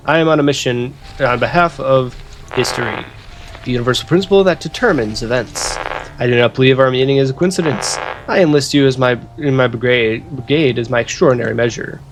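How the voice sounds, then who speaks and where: A man's voice: mid-range voice, brisk, background noise, close to an everyday voice. A man reading the lines of a stern, bossy military commander in a clipped, commanding way.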